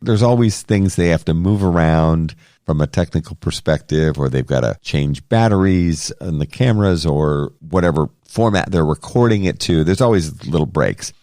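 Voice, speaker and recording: A middle-aged man with a very low, deep voice talks through his experiences as a podcast co-host. He is earnest and rambling, and he often restarts his sentences. The sound is dry and close, with no room echo. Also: lively intonation, moderate pace, mellow. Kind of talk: casual conversation.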